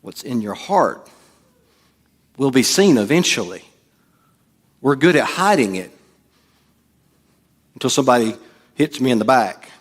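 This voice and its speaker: A man's voice: mid-range voice, sing-song, a little slow, long pauses, breathy edge. Conversational male pastor preaching. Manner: conversational preaching with jokes and acted-out quotes. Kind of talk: sermon. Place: church.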